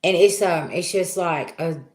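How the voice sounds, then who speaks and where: Lady doing a casual spiritual reading live, lowish voice, keeps asking rhetorical questions. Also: unhurried. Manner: chatty and emphatic, rhetorical questions. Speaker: live-stream spiritual reader. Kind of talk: casual live-stream monologue.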